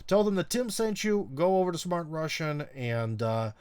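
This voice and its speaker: A man's voice: a little high, very animated, normal speed, a little mellow, clean tone. A middle-aged man hosting a live stream, chatting casually and reading viewer comments in a rambling, wry way, full of ums and uhs. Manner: wry, teasing.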